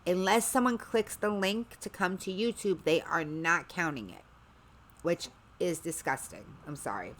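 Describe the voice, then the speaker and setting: A woman's voice: fairly low pitch, expressive, a little slow, a bit bright. A woman hosting a livestream, chatting casually in a rambling way with sarcastic asides. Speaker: livestream host.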